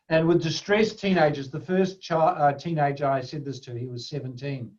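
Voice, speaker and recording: A man's voice: a little high, moderate pace, few pauses. A man presenting a webinar lecture, conversational and full of fillers and restarts. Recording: dull lo-fi webinar audio.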